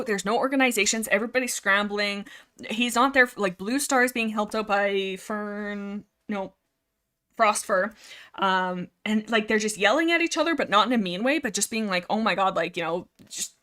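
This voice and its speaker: A young woman hosts a casual livestream and chats about books. She rambles and gets excitable, and she piles on filler words as she goes. Her voice sits at an average pitch. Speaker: livestream host. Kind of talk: casual livestream book discussion.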